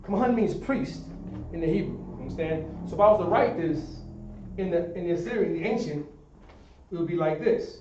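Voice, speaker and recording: A man's voice: a little high, fairly quick, a little mellow, a little hiss or hum. Guy teaching at a board, keeps asking if u understand, far off mic, muffled sound. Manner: explains step by step, often asks "understand?". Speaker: teacher of a Hebrew class. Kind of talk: classroom teaching at a whiteboard. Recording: echoey room, distant dull sound.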